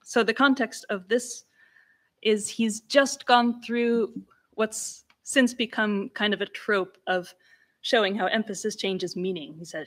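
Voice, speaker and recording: A woman's voice: medium pitch, steady tone, measured pace, a bit bright. A woman lecturer giving an academic lecture at a symposium, explaining things step by step with small restarts and asides. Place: symposium venue.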